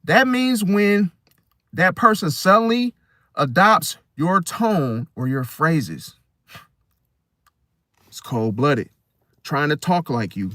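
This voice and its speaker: A man with a somewhat high voice talks straight to his viewers in an emphatic, casual monologue. He keeps circling back to the same phrases and checking in with "See?" The sound is dry and close, with no room around it. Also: expressive, takes it slowly, pauses often, a bit bright, no room sound. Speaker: astrology channel host.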